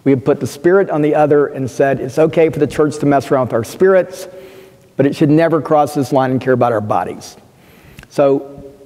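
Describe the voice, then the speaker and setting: A man's voice: medium pitch, warm tone. A middle-aged man, a physician and pastor, telling personal stories on a panel in an earnest, emphatic way with frequent restarts. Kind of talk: panel talk, personal storytelling. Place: lecture hall. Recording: long reverb of a large hall.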